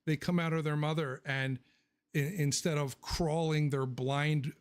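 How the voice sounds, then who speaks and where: A man's voice: on the high side, steady tone, unhurried. Rambling, joking male livestream host. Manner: rambling and joking, laughs often; blunt and opinionated. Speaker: livestream host answering viewer questions. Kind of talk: casual livestream Q&A chat.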